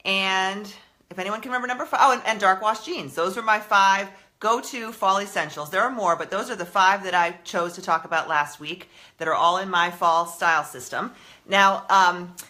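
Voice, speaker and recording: A woman's voice: medium pitch, moderate pace, pushed and bright. A woman hosting a casual live stream about fashion, chatty and rambling, stopping to correct herself, a little out of breath. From Massachusetts, US. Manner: chatty, rambling, self-interrupting.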